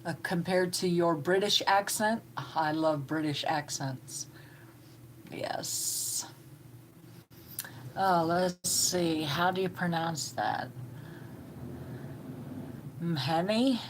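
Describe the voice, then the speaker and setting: A woman in middle age talks slowly and easily on a home live stream. Her voice sits a little low and homey. A faint hum of room noise runs behind her. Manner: slow, homey and chatty, reading out viewer comments. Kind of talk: casual live-stream chat.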